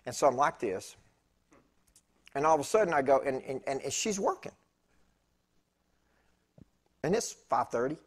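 A man preaching in church, telling a personal story in a chatty, animated way with laughing asides to the congregation. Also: mid-range voice, brisk. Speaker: pastor. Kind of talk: storytelling sermon. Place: church sanctuary.

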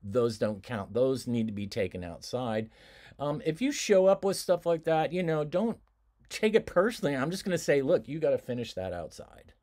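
Chatty, joking male college instructor. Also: moderate pace. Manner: joking, easygoing, chatty with laughs and asides; animated swings in pitch and loudness. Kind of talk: recorded classroom lecture.

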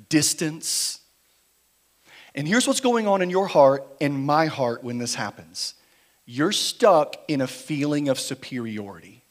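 A man preaching a sermon in a church, moving between quiet, slow emphasis and louder, driven passages. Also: fairly high pitch. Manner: dynamic preaching, shifting between quiet emphasis and raised intensity. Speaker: pastor. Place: church sanctuary.

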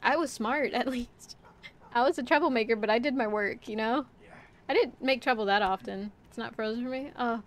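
A young woman livestreams a game and talks to her chat in a loose, rambling way. Her voice sits fairly high. Her chatter is casual and she swears when the game frustrates her. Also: brisk. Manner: talks to chat while playing. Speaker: VTuber streamer.

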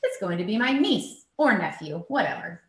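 A woman's voice: medium pitch, very animated, normal speed, close to an everyday voice. A woman voicing a cocky, careless teenage boy who talks in a dismissive, offhand way, read in a storybook style. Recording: roomy echo.

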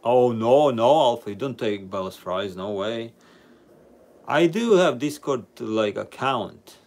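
Slow-talking, laid-back male streamer. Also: mid-range voice. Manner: relaxed, chatty, reading out viewer comments. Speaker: live stream host. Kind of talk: casual live chat with viewers.

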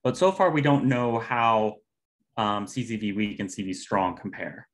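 A man presenting an academic linguistics talk over a video call, measured and explanatory with occasional fillers. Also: on the low side. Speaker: conference presenter.

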